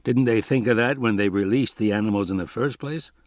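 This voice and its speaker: A man doing a gruff, exasperated engineer. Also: lowish voice, fairly quick, a little mellow, dry recording, studio quality, lightly acted. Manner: blunt and exasperated.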